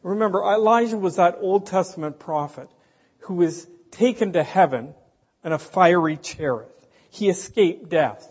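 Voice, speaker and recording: A man preaching a sermon in a slow, emphatic way, asking the congregation rhetorical questions. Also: high voice, darkish tone, slightly rough. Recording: dull, hall reverb, from a distance.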